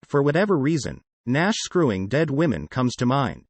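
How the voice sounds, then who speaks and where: A man reading an audiobook in the first person, with expressive delivery. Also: medium pitch, normal speed, dry recording. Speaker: audiobook narrator. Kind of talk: audiobook narration.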